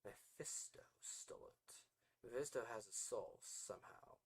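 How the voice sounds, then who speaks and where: A man's voice: medium pitch, expressive, a little fast, natural voice, low-quality recording. A man voicing a sly, smug male demon in a read-aloud story, purring and mock-sympathetic. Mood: grave.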